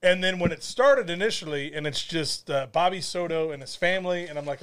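A man's voice: fairly high pitch, a little fast, hardly any pauses, fairly bright tone, clean tone. A man speaking bluntly as a guest on a movie podcast in casual chat. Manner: blunt, opinionated.

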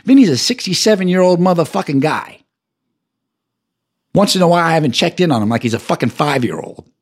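A man hosting a podcast alone, ranting angrily and profanely, his voice jumping high when he gets heated. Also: animated, brisk, husky. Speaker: podcast host. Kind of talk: angry solo rant.

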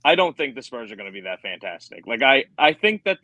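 Bright-voiced man calling in, dry sound. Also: mid-range voice, sing-song, dry recording. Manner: repeats himself, measured opinions. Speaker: guest on call. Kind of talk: casual sports chat. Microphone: remote call audio, cutting out.

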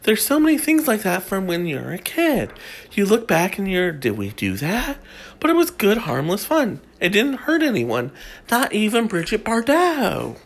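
Woman, comedy host, snarky, crude, gossipy, mid-pitched voice. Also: very animated, moderate pace.

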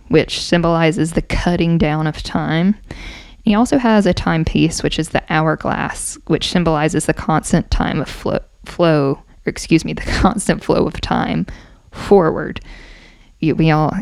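A hoarse woman with a lowish, gravelly voice talks through a casual explainer, chatty and quick to correct herself. She sounds a bit out of breath. The recording is close and dry, with no room sound. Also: darkish tone, dry recording. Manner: chatty, self-correcting, with asides and laughs. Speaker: podcast host explaining folklore.

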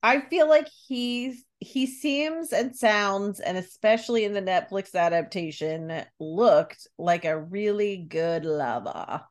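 A woman co-hosting a podcast in casual chat, reading book excerpts with laughter. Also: medium pitch. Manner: slow, animated, laughing readings. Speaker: podcast co-host.

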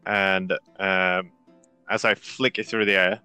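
A man playing at a tabletop game, describing his character's actions in a hesitant, halting way. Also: low voice, flat delivery, pushed and bright, clear, resonant tone, dry recording, soft background music. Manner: hesitant, halting, full of fillers. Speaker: player.

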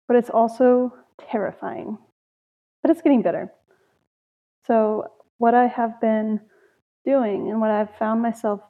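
Young woman rambling on her podcast, bit of vocal fry, sounds like it's over a phone. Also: mid-range voice. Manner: chatty storytelling, sighs and laughs. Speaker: podcast host. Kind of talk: casual solo podcast chat. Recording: tinny phone-like audio.

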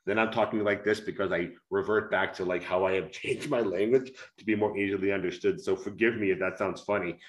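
Deep-voiced man, roomy echo. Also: fairly even intonation. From United States. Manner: slow, carefully enunciated delivery to be easily understood. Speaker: author and guest. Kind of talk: conversational interview, reading aloud from his book.

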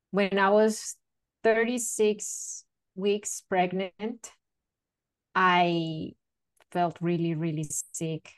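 A woman guest on a podcast, telling personal stories in an earnest, unhurried way. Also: lowish voice, no echo, low-quality recording. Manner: slow, earnest storytelling. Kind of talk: casual conversational interview.

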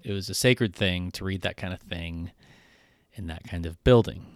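Low-voiced, casual, irreverent male preacher. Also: normal speed, no echo, clean studio sound. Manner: casual, irreverent, with frequent fillers and restarts. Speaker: pastor. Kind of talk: conversational sermon.

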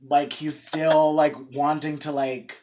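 A man co-hosting a podcast, retelling a story in casual chat, animated and swearing freely with lots of fillers. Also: on the high side, slow pace. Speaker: podcast co-host.

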